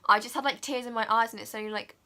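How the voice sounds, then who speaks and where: A woman's voice: fairly high pitch, steady tone, very fast, bright, forceful tone. A young woman vlogger gushing through a casual film review, filling her talk with "like" and "oh my God". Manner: gushing, heavy use of "like" and "oh my God".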